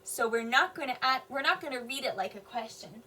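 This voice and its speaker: A woman kindergarten teacher reading a picture book aloud to young children, slowly explaining each sentence in simple words. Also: high-pitched, expressive, pushed and bright. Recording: voice a bit distant from the mic.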